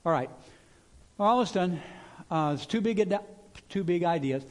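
A middle-aged man preaches a sermon in a lively, conversational voice that sits a little high for a man. He talks to his congregation casually and has them repeat lines back to him. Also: moderate pace. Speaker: pastor.

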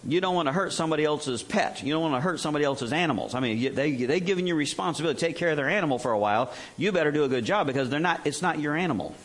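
Folksy older male preacher, animated. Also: a little high, very fast, hardly any pauses. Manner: folksy, humorous, rhetorical questions. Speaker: missionary preacher. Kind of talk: sermon.

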